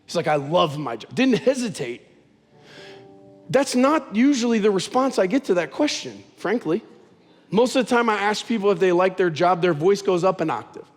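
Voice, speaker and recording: A man's voice: high-pitched, expressive, moderate pace, long reverb tail, faint music behind. A man preaching a sermon as pastor, talking conversationally and telling stories with animation.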